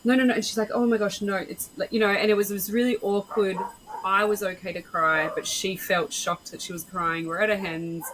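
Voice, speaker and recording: A woman hosting a casual podcast conversation, frank and animated as she tells stories and acts out what people said. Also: medium pitch, a little fast, slight background noise, low-quality recording. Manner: warm, animated storyteller, frank, acts out quotes. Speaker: podcast host.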